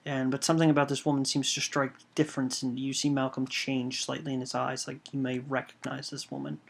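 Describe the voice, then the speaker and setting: Monotone man pitching a storyboard. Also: a little fast, vocal fry, slight background noise. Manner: hesitant, full of "um" and "you know". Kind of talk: storyboard pitch, describing scenes.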